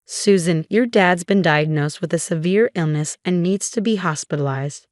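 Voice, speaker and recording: Woman reading as an older mom with bad news, lowish and flat, dry sound. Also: moderate pace, no room sound, natural voice. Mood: worried. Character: worried mother, older woman.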